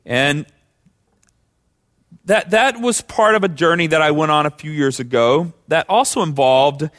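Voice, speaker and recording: A man's voice: fairly high pitch, measured pace, fairly bright tone. A man preaching a sermon as pastor, conversational, with many rhetorical questions.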